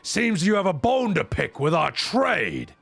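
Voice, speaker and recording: A man's voice: sits high, huge pitch swings, a little slow, vocal fry, a bit bright, slightly rough, full character voice. A man voicing a greedy, gloating male slaver captain in a game dub. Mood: suspicious. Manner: gloating and taunting.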